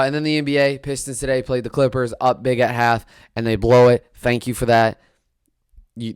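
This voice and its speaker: Young guy rambling on his sports podcast, lowish smooth voice, dry close sound, gets hyped and trips over his words. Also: no echo. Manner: rambling, excitable, restarts and trails off. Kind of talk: casual solo sports podcast.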